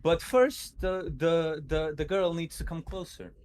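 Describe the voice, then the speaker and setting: Man, nervous, stuttering, telling a ghost story, fairly high voice, light background hiss. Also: fairly even intonation, a little slow, a little mellow, poor audio. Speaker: guest storyteller. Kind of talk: casual spooky storytelling.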